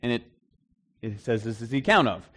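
In a church hall, a middle-aged male pastor with a medium-pitched voice delivers a brisk, conversational sermon to his congregation. He teaches in a talkative way and grows animated and emphatic at times.

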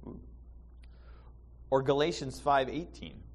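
Animated preaching man with lively pitch. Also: measured pace, long pauses. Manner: animated, with repeated restarts and sudden loud emphasis. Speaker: pastor. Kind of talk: sermon. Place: church.

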